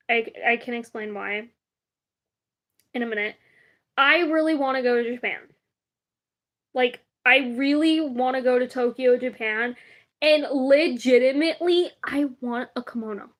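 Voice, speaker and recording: A young woman streaming live, chatting casually and rambling, often laughing. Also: sits high. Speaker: livestreamer. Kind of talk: casual livestream chat.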